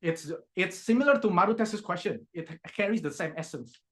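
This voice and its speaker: A man's voice: high-pitched, a little fast, fairly bright tone. A man coaching and evaluating speakers in a meeting over a video call, direct and demonstrative, acting out examples.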